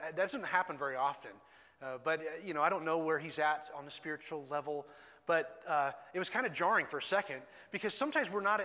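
A male pastor preaches in an earnest, conversational way, often stumbling and restarting his phrases. His voice is bright and sits a bit high. The sound rings with the long reverb of a church sanctuary. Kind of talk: sermon.

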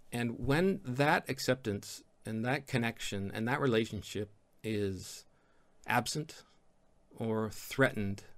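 A male pastor delivers a sermon with lively, animated energy and playful asides to the congregation. His voice sits at a middling pitch.

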